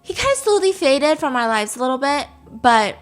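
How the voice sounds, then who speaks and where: Animated, high-voiced woman telling a story. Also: moderate pace, soft background music. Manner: animated, laughs often, acts out quotes. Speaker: podcast host. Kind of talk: casual storytelling chat.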